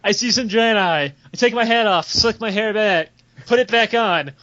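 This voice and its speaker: A young man telling comedic stories on a podcast, animated and profane, jumping into character voices. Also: normal speed. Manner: animated, profane, acts out quotes with big pitch jumps. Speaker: storyteller on a podcast. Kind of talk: casual comedic storytelling. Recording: dull lo-fi podcast audio.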